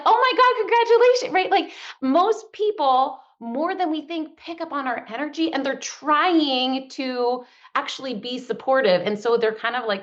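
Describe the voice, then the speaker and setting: A woman's voice: medium pitch, fairly bright tone, lo-fi sound. Upbeat woman coach on a video call. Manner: upbeat, talks in quick bursts, acts out quotes. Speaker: business coach leading a group call. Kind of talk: casual group coaching talk.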